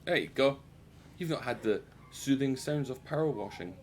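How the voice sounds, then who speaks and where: A man's voice: mid-range voice, expressive, normal speed, darkish tone, a little hiss or hum. A man streaming a game and chatting casually, swearing freely and poking fun at himself. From United Kingdom. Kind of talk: casual live-stream chat while gaming.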